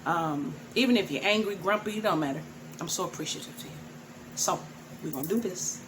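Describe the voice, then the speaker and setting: A woman's voice: on the low side, a little fast. Middle-aged woman, tantra teacher, blunt, frank, laughs a lot, noisy recording. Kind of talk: direct-to-camera talk. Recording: noisy background.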